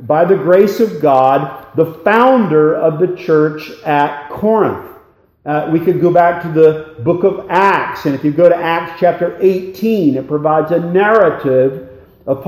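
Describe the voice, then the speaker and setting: A man preaching an expository sermon, reading scripture aloud with a deliberate, emphatic cadence. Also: a little high, a little mellow, echoey room, poor audio.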